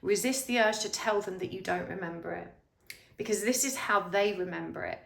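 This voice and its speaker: A woman's voice: medium pitch, fairly quick, gravelly, reverberant. A woman giving a pick-a-card tarot reading, speaking straight to the viewer with earnest, reassuring advice. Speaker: tarot reader.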